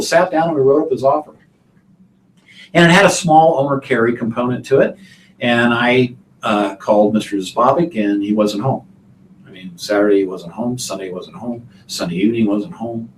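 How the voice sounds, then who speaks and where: A man's voice: medium pitch, normal speed, roomy sound, slight background noise, rough recording. A male real estate instructor telling a folksy story in a live online class. He chuckles often and fills his talk with you-knows and uhs. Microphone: computer mic on a video call.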